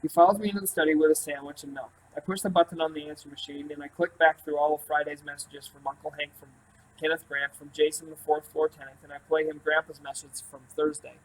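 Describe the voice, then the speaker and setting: A man narrating an audiobook in the first person, calm and steady. His voice is a little higher than most men's, and faint room ambience sits behind him. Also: fast, slight background noise, poor audio. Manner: calm, even storytelling.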